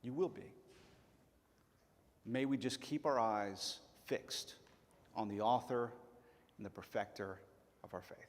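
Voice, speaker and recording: A man from Chattanooga preaching a sermon as pastor, earnest and emphatic, slowing down to stress key words. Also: fairly low pitch, in a large hall. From Chattanooga, Tennessee. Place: church sanctuary.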